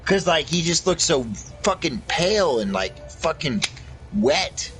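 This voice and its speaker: A man's voice: a little high, very animated, a little slow, fairly bright tone, faint music behind, rough recording. Profane rambling young man. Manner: rambling, profane, laughing often. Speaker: casual chat friend. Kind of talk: crude casual chat.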